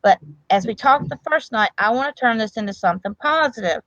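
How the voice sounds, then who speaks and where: A woman's voice: fairly high pitch, expressive, brisk, a bit bright, no room sound, highs cut off. A woman, a grandmother and medical provider, talking earnestly and at length in a casual interview, with many restarts. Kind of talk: emotional casual interview talk.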